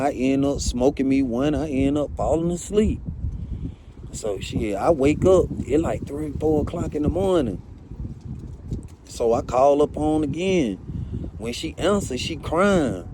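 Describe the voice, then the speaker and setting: Man, casual storyteller, mellow warm voice, faint hiss behind, profane and repetitive fillers. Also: on the high side. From Atlanta. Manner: blunt and profane, leaning on "you know what I'm saying". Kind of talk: casual first-person storytelling.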